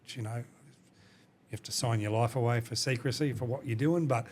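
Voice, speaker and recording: A man's voice: medium pitch, normal speed, darkish tone, a little hiss or hum. A man, a company boss, talking casually in a podcast interview, explaining at length with many restarts and "you know". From Australia. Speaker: company CEO, guest.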